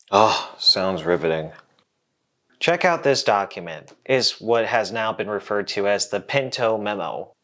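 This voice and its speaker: A man's voice: on the low side, a bit bright. Casual jokey male science vlogger. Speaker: host. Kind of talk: educational vlog narration.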